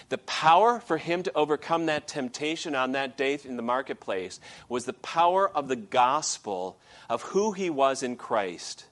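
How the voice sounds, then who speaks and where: A man's voice: medium pitch, expressive, moderate pace, few pauses, a bit bright. A male pastor preaching a sermon in a conversational way, with frequent "okay" check-ins and fillers.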